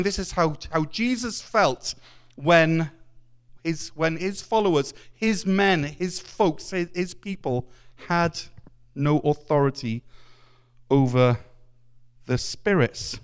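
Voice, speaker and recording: A man with a high, clear, smooth voice preaches a Sunday sermon in a church. He speaks earnestly and acts out the voices in his stories.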